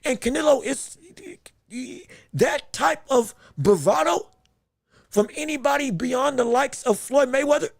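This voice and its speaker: A man's voice: extremely high pitch, expressive, measured pace, gravelly, no room sound, studio quality. A man hosting a boxing podcast, making his points emphatically and repeating himself with frequent restarts. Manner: emphatic, repetitive, stumbling restarts. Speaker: podcast host.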